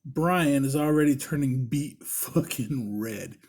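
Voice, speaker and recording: Husky man swearing through a story. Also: medium pitch, slow. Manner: heavy swearing, laughs while telling; shouts in mock-angry voices for quoted people. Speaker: podcast host. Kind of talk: casual storytelling.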